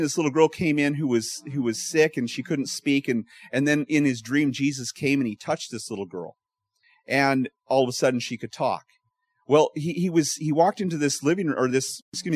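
A man's voice: a little high, dry recording. A middle-aged man, a pastor, preaching a sermon and telling stories conversationally, with frequent restarts and emphatic bursts. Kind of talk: expository sermon.

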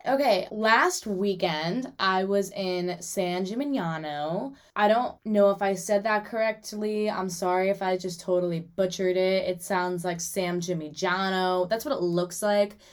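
A young woman hosts a solo podcast in a loose, chatty way. She talks animatedly, full of "like" and side comments, in a voice of ordinary pitch. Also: unhurried, hardly any pauses. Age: young adult. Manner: chatty and animated, lots of "like" and asides. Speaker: podcast host. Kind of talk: casual solo podcast chat.

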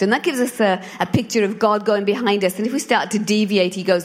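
A middle-aged woman preaching to a church congregation, chatty and animated as she tells a personal story. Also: mid-range voice, brisk, hardly any pauses. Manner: conversational, animated storytelling with acted quotes. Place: church hall before a congregation.

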